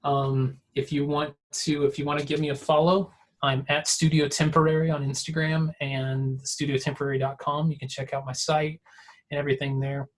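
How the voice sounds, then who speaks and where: A man's voice: on the high side, normal speed. Emotional man giving a talk. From Atlanta area, US. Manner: emotional, repeats himself, swings from hushed to excited. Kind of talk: heartfelt personal talk over video call. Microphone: video call.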